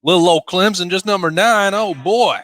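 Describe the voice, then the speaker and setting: A man doing a quick impression of a folksy Southern college football coach, putting on a Southern accent. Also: high voice, fairly bright tone, pitched above the performer's own voice. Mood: mock-folksy. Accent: American Southern (put on).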